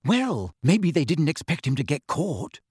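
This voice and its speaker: A man voicing a clever, anxious teenage schoolgirl witch in a raised, hushed, urgent voice in a storybook reading. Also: on the high side, sing-song, unhurried, breathy edge, no room sound, clean studio sound, exaggerated voice.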